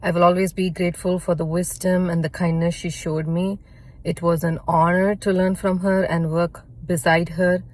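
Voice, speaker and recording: A woman's voice: on the low side, level tone, normal speed. A woman giving an earnest, grateful memorial tribute to a mentor and colleague.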